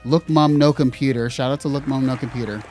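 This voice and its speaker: A man's voice: mid-range voice, steady tone, quick pace, a little mellow, soft background music, some chatter behind. A man co-hosting a gear podcast livestream in a casual chat, rambling with lots of fillers and self-deprecating asides. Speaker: podcast co-host.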